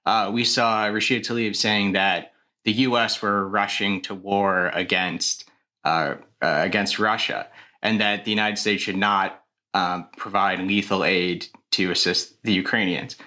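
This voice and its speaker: A man asking an interview question in a measured, careful way. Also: fairly low pitch, steady tone, sharp tone.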